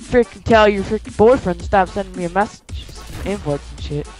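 A teenage boy trading curses and insults in an online game voice chat, whiny and quick to shout. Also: sits high, faint music behind. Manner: whiny, cursing, yelling insults.

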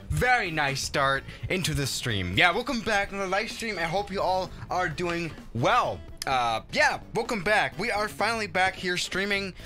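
A young man hosting a live flight-sim stream, chatting casually and excitably with many restarts. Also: sits high, normal speed, hardly any pauses, faint music behind.

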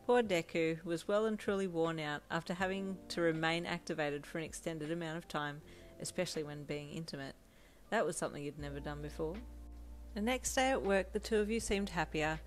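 A woman narrating a second-person fan audio story in a steady, intimate reading style. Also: sits low, a little fast. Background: soft lo-fi piano backing music.

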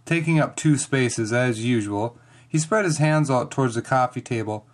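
Brief: lively, animated reader for a kids' chapter book, dramatic storyteller. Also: medium pitch, normal speed. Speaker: audiobook reader. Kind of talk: children's chapter book reading, first person.

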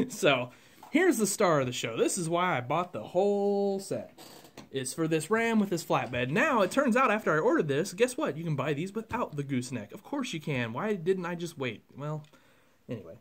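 Chatty man, slightly high voice. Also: sing-song, moderate pace. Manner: rambling, chatty, with frequent fillers and chuckles. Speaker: toy collector reviewing a model truck. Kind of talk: casual unscripted review.

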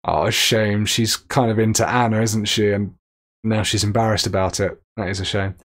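A man's voice: lowish voice, fairly even intonation, moderate pace, fairly bright tone. A man streaming a game, joking his way through it and reading texts and chat messages aloud. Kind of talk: gameplay commentary.

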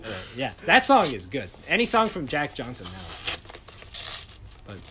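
A young man hosting a podcast, telling jokey, animated stories in casual chat. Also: medium pitch, takes it slowly, background noise. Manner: animated, joking storyteller. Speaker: podcast host.

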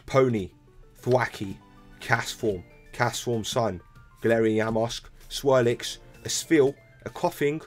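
A young man, chatting casually to viewers while opening trading cards, excitable and full of slang. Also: medium pitch, moderate pace, faint music behind. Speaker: card-opening video host. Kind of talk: casual card-opening commentary. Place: room at home. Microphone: laptop camera.

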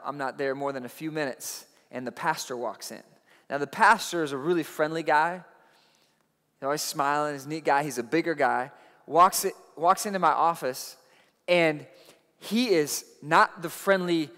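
A man preaching a sermon, telling a personal story in an animated way that rises loud at the tense moments. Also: fairly high pitch. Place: church auditorium. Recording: long hall reverb.

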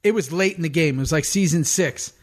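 A man hosts a podcast in casual conversation, telling stories as an animated storyteller who acts out what people said. His voice is a little high and a little fast.

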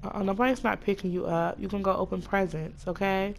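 A woman's voice: medium pitch, fairly even intonation, soft background music. Gushing woman narrating her Sims game. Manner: chatty, gushing, voices her Sims in quick asides. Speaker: Sims let's play narrator. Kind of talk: casual gameplay commentary.

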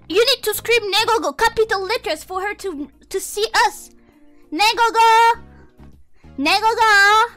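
Woman streamer, very high and bright voice, playful and excitable, reads chat aloud. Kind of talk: casual livestream chat.

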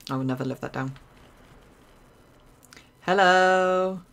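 A young woman with an Essex accent livestreams a game, giving a loose, chatty running commentary punctuated by sudden exclamations and laughter. Her voice is fairly low and a bit bright.

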